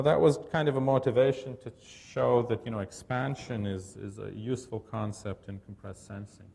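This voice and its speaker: A middle-aged man giving a technical lecture at an academic workshop, talking thoughtfully and pausing often with fillers and restarts. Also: on the low side, gravelly, darkish tone. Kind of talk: academic conference talk.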